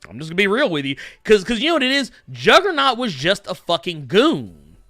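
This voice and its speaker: A man's voice: sits high, huge pitch swings, brisk, sharp tone, no echo. A man in his thirties hosting a podcast, talking animatedly, laughing and swearing freely. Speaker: podcast host. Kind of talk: casual chat.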